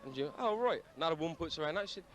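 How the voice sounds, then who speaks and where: Brisk man telling pub jokes. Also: a little high, fairly bright tone. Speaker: joke teller.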